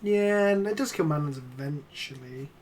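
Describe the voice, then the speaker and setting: A man, streaming a card game in casual, jokey chat that breaks into loud excited outbursts. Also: fairly high pitch, moderate pace, a crowd in the background. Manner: swearing, joking, excitable outbursts.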